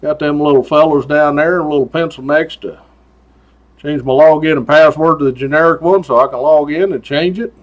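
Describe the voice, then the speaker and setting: A man voicing an unbothered veteran male trooper who talks in a slow, folksy drawl. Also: a little high, fairly even intonation, highs cut off, lightly acted.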